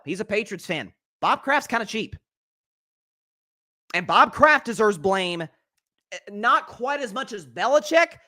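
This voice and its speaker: Young male sports podcaster, high bright voice, fired-up casual opinion talk. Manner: energetic opinionated rant. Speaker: podcast host.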